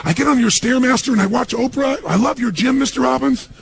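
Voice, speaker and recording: A man's voice: extremely high pitch, fast, creaky, a little hiss or hum, voice pushed up. A man voicing a delighted middle-aged female housekeeper who gushes in a breathless, sing-song way. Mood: gushing.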